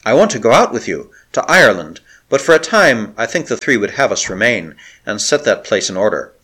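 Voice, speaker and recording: A man voicing a gentle, otherworldly young handmaiden woman who speaks in a tender, wondering and innocent way. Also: on the low side, sing-song, fairly quick, slightly rough, full character voice.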